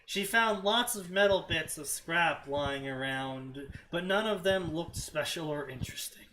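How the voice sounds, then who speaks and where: A man with a bright, fairly high voice reads fanfiction aloud in unhurried, casual stream commentary. He skims whole passages with mocking "blah, blah" asides, and a faint hiss of noise sits under the recording. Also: rough recording. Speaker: co-host reading fanfiction aloud.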